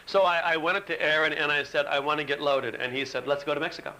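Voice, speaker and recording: A man's voice: on the high side, fast. A man giving a candid, self-mocking recovery talk at a retreat, acting out his own inner argument as he tells the story, recorded on an old tape. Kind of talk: personal recovery talk to a live audience. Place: retreat meeting room. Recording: old tape with faint hiss.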